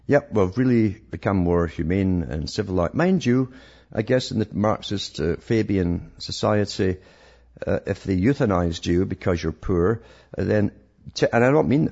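A man's voice: low-pitched, creaky, darkish tone, breathy edge. A man giving a sarcastic, rambling monologue as a talk host, often restarting his sentences. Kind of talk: monologue reading news articles. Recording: dull lo-fi recording.

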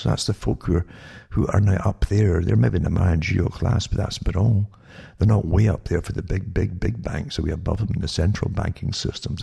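A man with a very low voice and a heavy gravelly fry, talking in a long rambling monologue. His tone is dark and husky, and he keeps restarting sentences and tossing "eh?" at the listener. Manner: rambling, with frequent restarts and asides like "eh?". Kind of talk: monologue commentary.

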